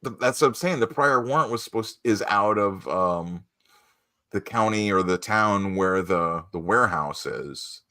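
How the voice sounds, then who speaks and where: Low-voiced man chatting, laughing. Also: a little slow, pushed and bright. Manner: rambling, laughs often, acts out quoted people. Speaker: podcast host. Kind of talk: casual chat.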